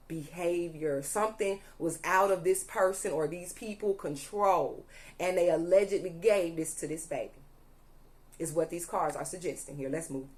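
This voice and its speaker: With a lowish, darkish voice, a young woman reads tarot cards for her viewers. She hammers her points home, repeating herself, saying "allegedly" again and again and asking "okay?" often, and now and then her anger shows.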